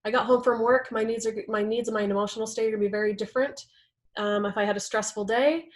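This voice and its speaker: A young adult woman leads a class on communication, speaking in a relaxed, chatty way. She peppers her points with "right?" and "like". Her voice sits at an everyday middle pitch. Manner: conversational, uses "right?" and "like" often. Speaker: workshop instructor. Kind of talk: teaching a class.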